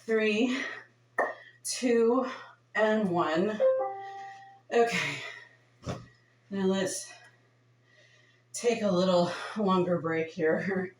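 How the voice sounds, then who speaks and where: A woman's voice: medium pitch, very slow, pauses often, slight background noise. A woman leading a home workout, counting reps aloud in a chatty, offhand way and sounding winded. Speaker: fitness instructor. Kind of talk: casual workout instruction. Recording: echoey room from far off.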